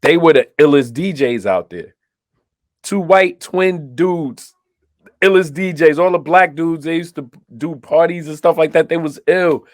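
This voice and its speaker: His voice sits a little high and he takes his time, recorded at studio quality with no room sound. He's a Brooklyn, New York podcast co-host telling stories in casual conversation, animatedly acting out each bit of quoted dialogue.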